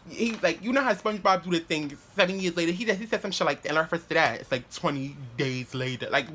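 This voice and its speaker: A man's voice: a little high, pushed and bright. A man chats to the camera in a loose vlog story. He swears freely and keeps restarting his sentences. His speech is full of "like" fillers, with a faint hiss in the background. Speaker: vlogger.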